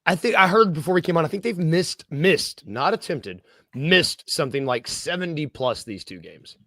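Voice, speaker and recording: A man's voice: a little high, lively intonation, moderate pace, a bit bright, dry recording, studio quality. A man hosting a casual sports podcast, jokey and self-deprecating, rambling through his points. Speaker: podcast host.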